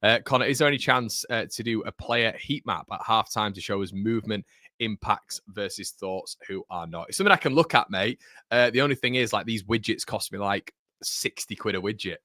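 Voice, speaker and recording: A man's voice: on the low side, fairly quick, sharp tone, no echo, clean studio sound. A man hosting a casual live football watchalong, chatting with viewers and calling them mate. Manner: chatty, reads chat aloud, calls viewers mate. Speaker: livestream host.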